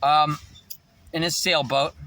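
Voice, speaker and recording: A man ranting to camera in a rambling, profane monologue, swinging between shouting and muttering. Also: fairly high pitch, steady tone, takes it slowly. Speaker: vlogger.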